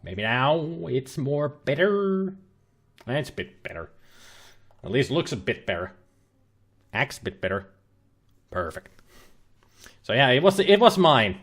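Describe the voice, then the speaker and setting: A male game streamer talking casually and loosely, with fillers and restarts as he plays. His voice is mid-pitched and moves expressively, with plenty of rise and fall. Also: big pitch swings, unhurried, pauses often, fairly bright tone. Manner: chatty, rambling, with frequent fillers and restarts. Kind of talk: casual livestream commentary. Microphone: webcam and laptop setup.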